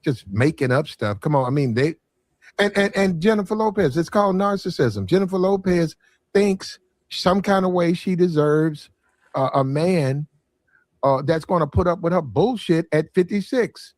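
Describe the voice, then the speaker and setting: A man's voice: on the high side, moderate pace, darkish tone, no echo. Blunt, profane man on a dry mic. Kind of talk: casual podcast talk.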